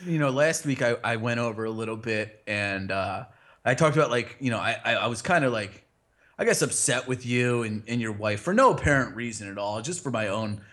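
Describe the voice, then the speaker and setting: A man hosts a casual chat with a rambling, teasing manner. He swears freely and stammers through restarts. His pitch is ordinary for a man. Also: expressive, a little fast, a bit bright. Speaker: podcast host.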